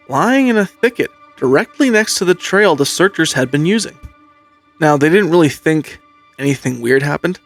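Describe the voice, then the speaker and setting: A man hosting a podcast who narrates a strange case with playful suspense and dramatic pauses. His voice sits a little high for a man. Soft music hums faintly behind him. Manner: animated storyteller building suspense with dramatic pauses. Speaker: podcast host. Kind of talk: casual storytelling podcast.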